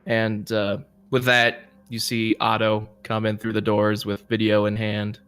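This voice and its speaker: A man's voice: lowish voice, monotone, a little slow, few pauses, fairly bright tone, clear, resonant tone. A man narrating as game master of a tabletop role-playing game in a casual manner with fillers. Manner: casual narration with fillers, voices characters inline.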